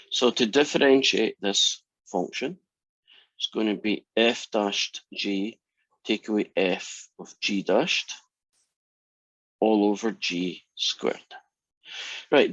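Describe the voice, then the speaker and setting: A man's voice: lowish voice, fairly bright tone, no room sound. Wry man lecturing math. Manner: wry, teasing. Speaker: math instructor. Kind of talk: classroom lecture. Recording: dry, muffled classroom recording.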